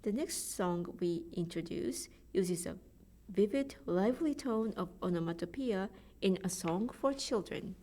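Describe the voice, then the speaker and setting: A woman's voice: mid-range voice, lively intonation, warm tone. A woman with a Japanese accent giving a prepared presentation on choral music, explaining carefully and sounding out word examples. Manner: careful, measured explanations with spoken pronunciation examples.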